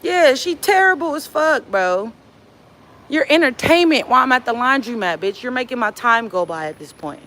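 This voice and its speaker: A woman's voice: high-pitched, animated, normal speed, a bit bright, a little hiss or hum. A woman from Los Angeles hosting a livestream, trash-talking in a profane, confrontational way from a laundromat. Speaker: livestream host. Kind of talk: casual livestream rant.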